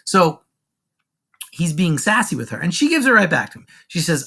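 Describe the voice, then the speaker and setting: A man's voice: a little high, moderate pace, slightly rough. A man explaining a classic play to a class in a casual, slangy way, jumping in and out of voices for the characters. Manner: animated and slangy, acts out lines.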